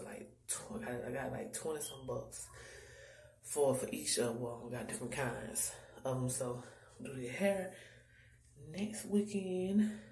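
A woman's voice: very deep voice, darkish tone, slight background noise, rough recording. Worn-out woman vlogging casually. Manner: loose, chatty, Southern-inflected slang. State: tired, out of breath. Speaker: vlogger, mother of five. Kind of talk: casual vlog chat.

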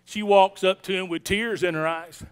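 A man preaching a sermon as senior pastor, swinging between loud declarations and hushed storytelling. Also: high-pitched, fairly even intonation, moderate pace, clean tone. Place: church sanctuary.

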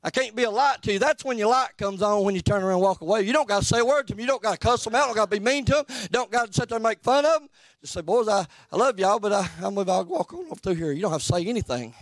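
Male preacher, folksy and earnest, high-pitched, dry close sound. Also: expressive, racing, no room sound. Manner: plainspoken, folksy and earnest, rising and falling in pitch. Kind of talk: sermon. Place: church sanctuary.

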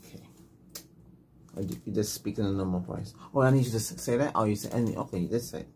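A man in a whispered role-play as an emergency doctor, giving soft, patient, gentle instructions. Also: on the low side, fast talker. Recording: noisy hiss and clicks.

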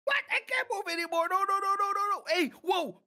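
Woman playing a naive young male gamer, high voice, panicky, whiny, shouty. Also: normal speed. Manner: frantic yelling and whining, frequent shouts. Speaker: Minecraft player character being pranked. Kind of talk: scripted gameplay voice acting.

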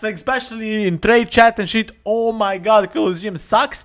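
A man's voice: high voice, moderate pace, fairly bright tone. A man giving boastful, foul-mouthed gameplay commentary, trash-talking opponents and laughing often. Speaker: gamer. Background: faint background music.

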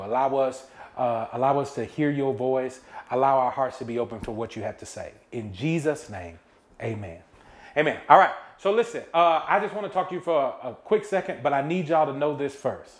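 A man serving as executive pastor, giving a casual, conversational Bible study to a youth group. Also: medium pitch. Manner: casual, conversational preaching to teens. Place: church room with a screen behind him. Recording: echoey room.

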